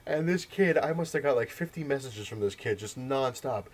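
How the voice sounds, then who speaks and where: A man's voice: medium pitch, lively intonation, moderate pace. A man in his thirties hosting a casual video rant, telling a rambling story and mimicking the people he quotes. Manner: rambling storyteller, mocks the voices of gamers he quotes. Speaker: comic shop video host.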